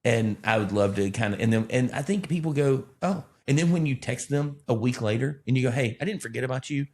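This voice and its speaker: A man from Alabama, a pastor in casual conversation who rambles and tells animated stories with self-deprecating humor. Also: mid-range voice, a little fast. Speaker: pastor and podcast co-host.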